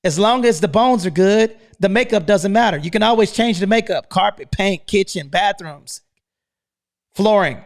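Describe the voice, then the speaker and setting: A high-voiced American man hosting a live online room with nonstop hype. He pushes every line loud and fast and tags "man" onto almost all of them. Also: creaky. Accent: American English. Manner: hyped, loud, keeps saying "man". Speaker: host.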